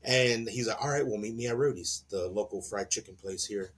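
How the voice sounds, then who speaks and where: A man co-hosting a podcast in casual chat, an animated storyteller who laughs often and acts out the people in his stories. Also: fairly low pitch, a little fast, a little hiss or hum. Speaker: podcast co-host.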